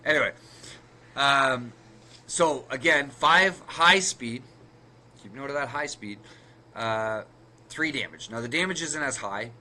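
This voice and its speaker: A man's voice: mid-range voice, measured pace, pauses often, pushed and bright. A man co-hosting a card game podcast, walking through the math of card plays step by step and correcting himself as he goes. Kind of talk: casual explanatory chat.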